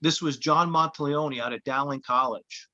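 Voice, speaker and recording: A man, a comedian and actor, telling lively anecdotes in casual chat and acting out the voices of people he quotes. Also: a little high, normal speed, muffled recording. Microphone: podcast mic.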